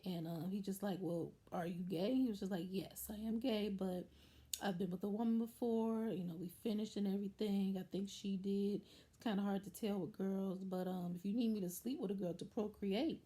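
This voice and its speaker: A woman hosts her own online review show, chatting through a TV episode in a loose, animated way. Her voice sits at a middle pitch with a mellow, warm tone. She acts out little quoted asides as she tells the story. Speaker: YouTube show host. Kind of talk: casual episode recap.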